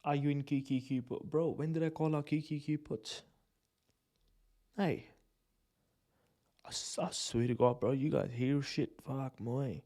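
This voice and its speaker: Gravelly, profane day-trading man. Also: mid-range voice, fairly even intonation, a little slow, pauses often, dark tone. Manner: casual, profane, slangy, laughs often. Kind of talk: live trading stream commentary.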